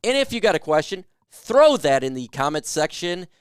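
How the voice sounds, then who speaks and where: A man in a somewhat high register runs a casual fan livestream, reading out viewer questions and firing back loose, joking opinions. His voice comes through clean and smooth. The sound is dry and close, with no room around it. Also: very animated, normal speed, no room sound. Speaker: sports talk livestream host. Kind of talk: casual live chat answering viewer questions.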